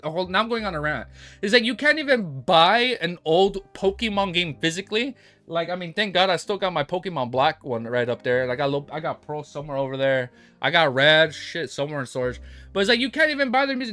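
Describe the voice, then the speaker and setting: His voice sits high, animated and pushed, bright at a moderate pace, as he streams with faint background music. The young man rambles casually, cursing often and frequently restarting to fix what he said.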